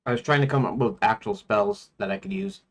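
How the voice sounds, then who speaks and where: Streaming his game development, this indie developer has a medium-pitched voice with big pitch swings and a brisk delivery. He muses out loud while working, wandering in thought and chatting to himself.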